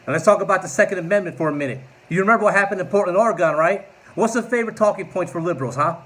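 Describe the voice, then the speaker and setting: A man in his forties delivers a combative political rant straight to camera. His voice sits fairly high for a man, and he keeps a sarcastic, mocking edge throughout. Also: rapid-fire, hardly any pauses, fairly bright tone. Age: 40s. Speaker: political vlogger.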